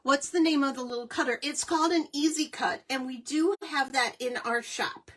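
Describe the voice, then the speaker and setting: A chatty, excitable middle-aged woman hosting a live card-making stream, with lots of fillers. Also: high voice, moderate pace. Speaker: host of a live crafting show.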